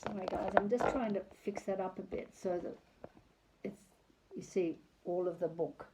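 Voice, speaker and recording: An older woman reading a picture book aloud on video, chatty and digressive, pausing to talk about the pictures. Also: lowish voice, fairly even intonation, dark tone, a little hiss or hum.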